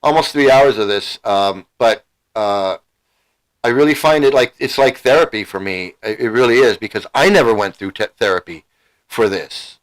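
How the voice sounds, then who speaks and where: Here the middle-aged livestream host talks at a normal speed in a lowish voice, but he's still furious, ranting heatedly, cursing and repeating himself. The audio is poor.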